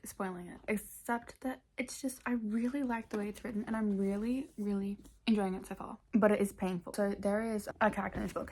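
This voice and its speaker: Gushing over books in a casual reading vlog, this young woman fills her talk with fillers and slips in soft whispered asides. She has a mid-range voice.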